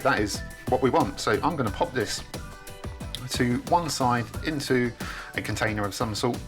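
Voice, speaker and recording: A man, chatting enthusiastically while he cooks in his home kitchen for a video. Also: mid-range voice. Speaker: cooking vlogger. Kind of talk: casual cooking demonstration.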